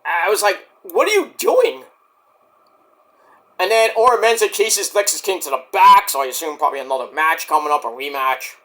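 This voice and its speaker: A man casually reviewing a wrestling show on his own, animated and excitable, breaking into high-pitched outbursts. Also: fast, hardly any pauses. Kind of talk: casual solo review vlog.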